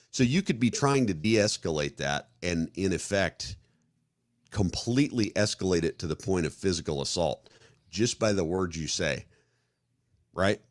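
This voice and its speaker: Brief: man from the Midwest, very low voice, dry close sound, loose chatty podcast co-host who restarts and acts out examples. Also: animated, a little slow, no room sound. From American Midwest. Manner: rambling, restarts often, acts out example scenarios. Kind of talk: casual conversational discussion.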